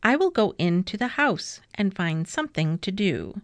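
A woman's voice: medium pitch, sing-song, moderate pace, no echo, lightly acted. A woman doing a mischievous grinning storybook cat. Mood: playful. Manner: playful, teasing, sing-song.

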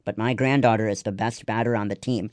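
A man's voice: fairly low pitch, steady tone, a little fast, no echo, studio quality, lightly acted. A man reading the lines of a proud, firm old grandfather in a storybook. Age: older.

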